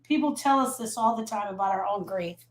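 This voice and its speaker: A woman's voice: mid-range voice, a little fast, a little hiss or hum. A middle-aged woman hosting a live stream as a grief coach, speaking emphatically, repeating her key phrases and answering viewer comments.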